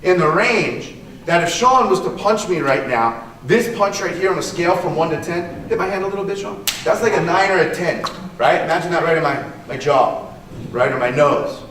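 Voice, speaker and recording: In an echoey conference hall, with his voice captured from afar amid slight background noise, a man who teaches martial arts talks through a live demo. His pitch is fairly high, his speed normal, his tone a bit bright. He speaks conversationally, frequently checking in with "right?" and saying things twice.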